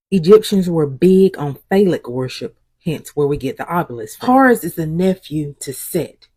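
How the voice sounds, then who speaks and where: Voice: medium pitch, darkish tone, breathy edge, no echo. A voice-over narrator delivering conspiracy claims in an insinuating, matter-of-fact way.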